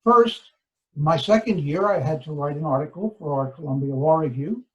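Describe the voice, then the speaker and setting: An older man, a law professor, giving a formal lecture, with deliberate pacing and stressed key words. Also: fairly high pitch, lively intonation, fairly bright tone, dull audio. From United States.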